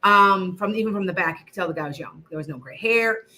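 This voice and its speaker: A woman's voice: medium pitch, fast, sharp tone. An older woman, a retired teacher, hosting a casual livestream and chatting in a rambling way, restarting her sentences often. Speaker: psychic livestream host.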